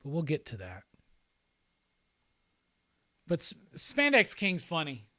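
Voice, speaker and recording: A man's voice: fairly high pitch, wildly swooping pitch, takes it slowly, pushed and bright, no echo, clean studio sound. A man hosting a casual livestream chat, rambling and swearing freely, often laughing. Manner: rambling and profane, with frequent laughs. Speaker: host.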